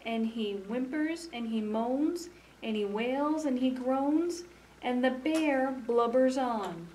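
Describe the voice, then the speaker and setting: A woman librarian leads a preschool storytime, reading aloud slowly and expressively. Her voice sits a little high yet mellow, gentle and unhurried for young listeners. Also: far from the mic, slight background noise. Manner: slow, expressive, gentle with children. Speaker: children's librarian.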